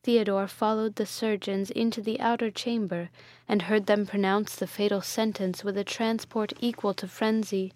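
A woman narrating a gothic novel in a measured, even storytelling voice. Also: medium pitch, no echo. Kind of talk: audiobook reading of a gothic novel.

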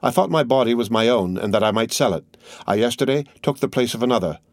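A man's voice: mid-range voice, fast talker, no room sound, clean studio sound, close to an everyday voice. A man reading as an earnest young son. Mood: resolute. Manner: earnest, resolute, reassuring.

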